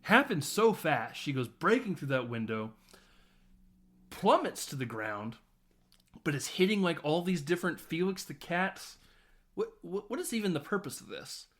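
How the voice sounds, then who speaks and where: Man, podcast host, lively film recap, slightly high voice, laughs a lot. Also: normal speed. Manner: animated, laughing, doing voices of film characters. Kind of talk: casual film recap with acted quotes.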